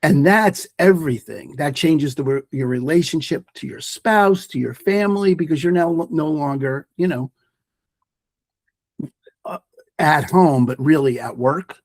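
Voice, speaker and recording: A man's voice: on the high side, a little slow, dry recording. A man speaking as a guest on a podcast interview, an emphatic mindfulness teacher who makes his points through stories. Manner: emphatic, storytelling, repeats phrases for effect.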